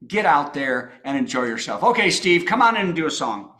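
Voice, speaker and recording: Animated man telling a comic story. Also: a little high, a little fast, a crowd in the background. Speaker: comedy show host. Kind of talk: stand-up storytelling. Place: home over a video call. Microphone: video call.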